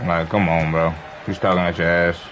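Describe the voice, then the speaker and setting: A man's voice: low voice, little pitch movement, brisk, a bit bright, some chatter behind. A man streaming a basketball video game live, ranting profanely and exasperatedly at another player. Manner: profane, exasperated trash talk. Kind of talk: casual gaming commentary. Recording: background noise.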